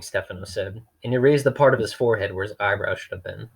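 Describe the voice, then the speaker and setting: A man's voice: lowish voice, fast, vocal fry, hardly any pauses, husky. A man reading a novel aloud in a dry, wry storytelling manner. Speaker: reader.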